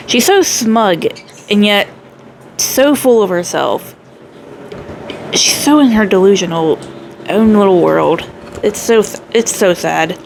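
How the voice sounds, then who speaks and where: A woman's voice: mid-range voice, background noise. A woman hosting a reaction video, commenting with sarcasm and scorn on the clip she is watching. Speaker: reaction channel host.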